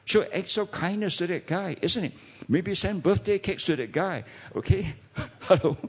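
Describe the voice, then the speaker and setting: A man's voice: sits high, animated, normal speed, breathy edge. A man with a Malaysian English accent preaching a sermon as a pastor, talking to the congregation with many rhetorical questions.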